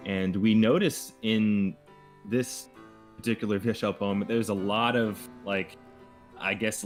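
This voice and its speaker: A man casually reviewing contest poems as a judge, speaking loosely with fillers. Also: lowish voice. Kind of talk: casual chat.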